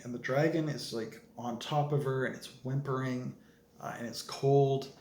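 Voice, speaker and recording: A man's voice: medium pitch, fairly even intonation, normal speed, darkish tone, reverberant, slight background noise. A man talking casually through a story he has written, rambling with many fillers. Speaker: fiction writer. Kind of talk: casual vlog explanation of a story.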